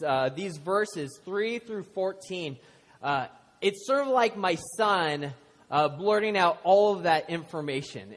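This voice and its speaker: High-voiced man preaching in an echoing hall. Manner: chatty storytelling with self-deprecating jokes. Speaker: pastor. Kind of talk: casual humorous sermon. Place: church hall before a congregation. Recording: long hall reverb.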